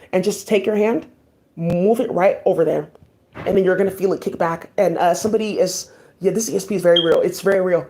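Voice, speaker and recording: Woman ranting on her vlog, talks super fast, rambly and heated, lots of cursing. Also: fairly low pitch, mellow. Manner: agitated, profane, rambling.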